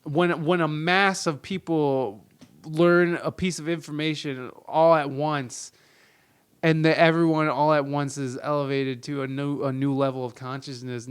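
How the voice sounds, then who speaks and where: Smooth-voiced, animated podcast guy. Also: a little high. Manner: animated, swears freely, laughs often. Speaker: podcast co-host. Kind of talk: casual podcast chat.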